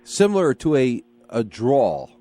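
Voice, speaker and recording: A man's voice: medium pitch, wildly swooping pitch, measured pace, dark tone, no echo. Male radio host in studio, friendly and hesitant questioning, mid-range voice. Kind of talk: radio interview.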